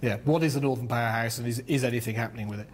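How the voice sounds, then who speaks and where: A middle-aged man from northern England explains business and infrastructure at a public panel discussion, talking at a racing pace in a medium-pitched voice. He's fluent but peppers his speech with ums and restarts, and there's slight background noise.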